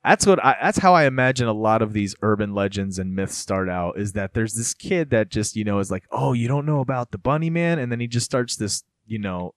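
A man hosting a casual podcast chat, telling stories in a rambling, animated way with lots of fillers. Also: lowish voice, a little fast, few pauses, no echo. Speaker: podcast host.

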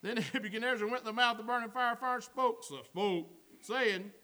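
A man delivers a sermon in a very high voice. His tone is bright and forceful, swelling into shouted lines before easing into folksy, joking asides. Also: brisk. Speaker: pastor.

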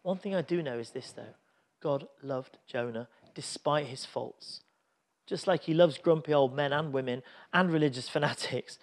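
A man's voice: a little high, normal speed. A man preaching a sermon, telling a Bible story in an earnest, reflective way.

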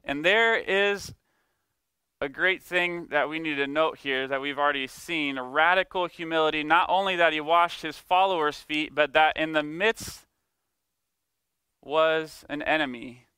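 A man preaching a sermon, emphatic, slowing down to stress key words and acting out quoted speech. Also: on the high side, sharp tone, clean tone, dry recording. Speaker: pastor.

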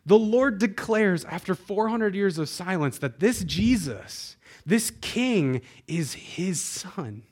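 A man's voice: high voice, expressive, takes it slowly, few pauses. A man preaching a sermon as pastor, talking conversationally and speaking directly to the congregation. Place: church before a live congregation.

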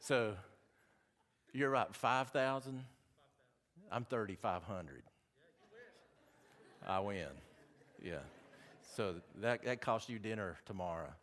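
A man's voice: on the low side, slow pace, pauses often, fairly bright tone. A man with a Southern accent preaching a sermon, chatty and folksy, with asides between the scripture readings.

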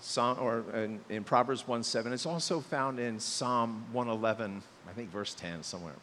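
A middle-aged male pastor preaching a sermon in a lively way, acting out the voices he quotes. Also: medium pitch, normal speed, long reverb tail, a little hiss or hum.

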